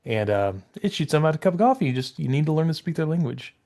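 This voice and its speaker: A man's voice: on the high side, very animated, fast talker, dark tone. Rambling male podcast co-host. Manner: rambling, with many fillers and restarts. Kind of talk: casual chat about comics.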